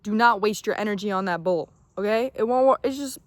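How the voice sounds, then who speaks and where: A woman's voice: medium pitch, a little fast, dry recording. Young woman giving pep talk, swears a lot, keeps saying okay?, dry close mic. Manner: blunt, emphatic, swears casually, keeps asking "okay?". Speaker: self-help vlogger. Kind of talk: casual motivational talk to camera.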